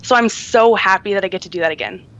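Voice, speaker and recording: A woman's voice: medium pitch, quick pace, fairly bright tone, dull audio. A woman co-hosting a podcast in casual chat, chatty and laughing often, with many ums. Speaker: podcast co-host.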